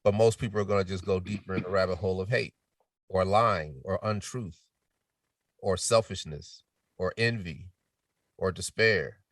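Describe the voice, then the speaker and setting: Lively, low-voiced man telling stories. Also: moderate pace, long pauses, no echo, studio quality, distant mic. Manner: animated storytelling with quoted voices, drops to a near whisper to demonstrate. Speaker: podcast guest. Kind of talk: casual chat.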